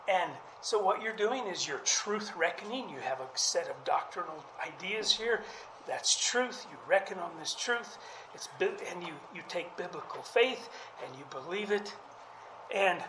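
A male pastor delivers a sermon in a high, earnest voice, often repeating words as he builds each point. The sound carries the roomy echo of a church hall, with a faint ambient hum underneath.

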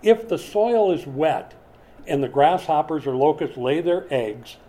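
Mellow-voiced man preaching conversationally. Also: fairly high pitch, measured pace. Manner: conversational and animated, with sudden dramatic swings; repeats words while building a point. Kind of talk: expository sermon.

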